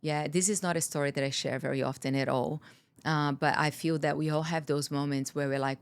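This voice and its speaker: A woman's voice: low-pitched, steady tone, a little fast, clear, resonant tone. A woman from Brazil, a guest telling a personal story in an interview, candid and earnest, her words tumbling out with many restarts.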